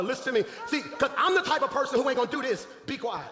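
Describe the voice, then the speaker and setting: A man preaching a lively sermon as pastor, with shouted bursts and casual slang. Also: very high-pitched, fast talker, crowd noise. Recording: echoey hall.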